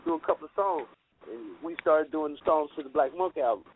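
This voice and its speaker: A man from a rap group looks back on how an album began in an easy, laid-back way. His voice is a bit higher than most men's. It comes across a thin phone line with a faint hiss. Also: expressive, brisk. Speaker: rap group member, guest. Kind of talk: casual radio interview.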